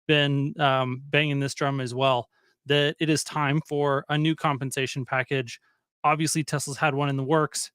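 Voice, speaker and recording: A confident, blunt man gives his opinions as a guest on a casual live stream. His voice is smooth and a little high, and the sound is dry and close. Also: fairly bright tone, no echo. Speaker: guest commentator.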